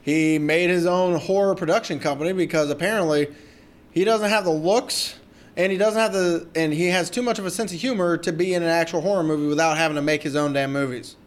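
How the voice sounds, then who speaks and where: A man's voice: fairly high pitch, fairly quick. Crude joking man on a podcast. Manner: crude, joking, swears freely. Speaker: podcast co-host. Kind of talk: casual movie chat.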